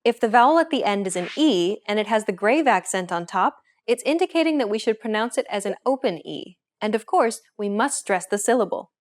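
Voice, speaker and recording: A woman's voice: mid-range voice, fairly quick, few pauses. Woman hosting a scripted language lesson. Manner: clear, even, instructive delivery.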